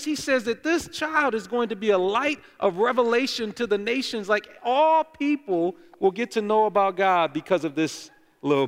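A fairly high-voiced male pastor preaches a chatty sermon, breaking in with jokes and speaking directly to the people in front of him. His voice hangs in the long echo of a church sanctuary. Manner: chatty and joking, talks directly to the congregation. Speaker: lead pastor. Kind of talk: conversational sermon. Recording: long echoey church reverb.

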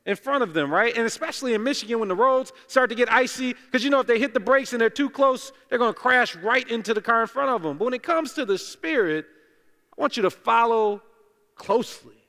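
Preaching as lead pastor in a church sanctuary, a man with a very high, bright, pushed voice talks animatedly and a little fast. His conversational sermon is chatty and joking, aimed straight at the congregation, and the recording carries long, echoey church reverb.

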